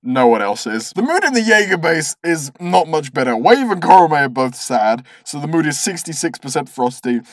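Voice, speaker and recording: A man's voice: on the high side, big pitch swings, normal speed, hardly any pauses, no room sound. A man narrating a comedic anime recap, sarcastic and swearing freely, ranting with exaggerated outrage.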